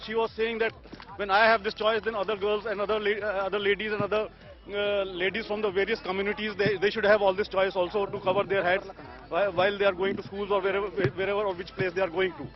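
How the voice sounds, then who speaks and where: A man, a lawyer, giving a halting, repetitive statement to the press outdoors. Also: sits high, little pitch movement. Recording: dull lo-fi audio, faint crowd.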